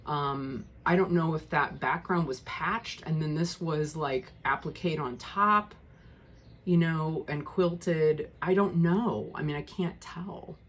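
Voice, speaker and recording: A woman with a husky, slightly breathy voice that sits on the low side. She talks casually through a tarot deck, frank and quick to show frustration, trailing into ums and restarts. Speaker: tarot video creator.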